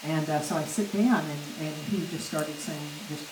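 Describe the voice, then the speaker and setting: An older woman tells her story to a crowd, her voice low and warm in tone. She keeps stopping and restarting with "um" and "uh". The sound is echoey, with a steady noise underneath. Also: far from the mic. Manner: halting, many fillers and restarts, light laughs. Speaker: guest recounting memories. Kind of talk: storytelling on stage. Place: event hall with audience. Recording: echoey room with background noise.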